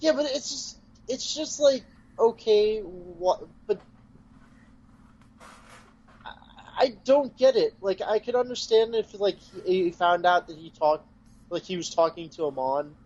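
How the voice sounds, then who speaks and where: A man co-hosting a casual chat, talking in a laid-back, halting way with lots of fillers. His voice is a bit high. The sound is somewhat muffled and lo-fi. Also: expressive, darkish tone. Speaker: podcast co-host.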